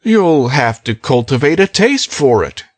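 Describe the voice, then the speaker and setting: A woman reading an audiobook, voicing a secretive, wheedling young gentleman in a lowered, slow voice. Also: very animated, dry recording, full character voice. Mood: coaxing. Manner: low, slow, urging delivery. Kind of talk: audiobook character voice.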